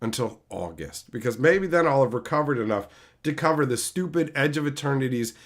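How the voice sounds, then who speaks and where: Young male streamer, sarcastic angry ranter, very animated pitch. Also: brisk. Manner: angry, profane, sarcastic ranting. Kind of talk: livestream rant.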